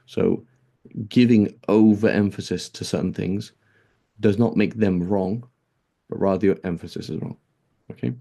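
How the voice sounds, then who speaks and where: Gravelly low-voiced male teacher. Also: fairly even intonation, moderate pace, long pauses, warm tone. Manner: conversational, many fillers and rhetorical "right?". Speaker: Islamic teacher. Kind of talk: casual classroom lecture.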